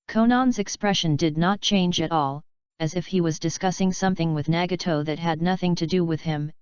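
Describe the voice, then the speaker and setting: A woman narrates an audiobook in an even, measured reading. Her voice is fairly low and very smooth and clear. The recording is dry and slightly dull, with no room sound. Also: no room sound.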